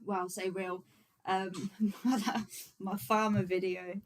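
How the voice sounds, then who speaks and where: Speaking extremely slowly at a medium pitch, this vegan activist livestream host chats in a relaxed way with her viewers, dropping in lots of fillers and frequent small laughs. The recording quality is low.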